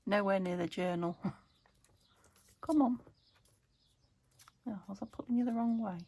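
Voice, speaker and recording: A British woman hosting a craft channel, chatting casually as she works, talking to her materials with murmured asides and a slightly croaky voice. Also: mid-range voice, quick pace, darkish tone. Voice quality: a bit croaky. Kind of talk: casual chat while crafting.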